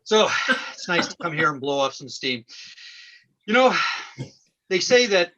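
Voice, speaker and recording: A male stand-up comedian telling a story in a dry, deadpan way. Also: high voice, unhurried, muffled recording.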